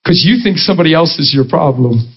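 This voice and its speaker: A man preaching a sermon, telling a personal story with passion and a voice that swings high and low. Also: expressive, fast talker, lo-fi sound, a little hiss or hum.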